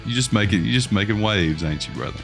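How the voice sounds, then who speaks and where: A man's voice: fairly low pitch, lively intonation, vocal fry, soft background music. A man hosting a podcast, easygoing and casual in chat. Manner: easygoing, quick back-channel replies. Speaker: podcast host.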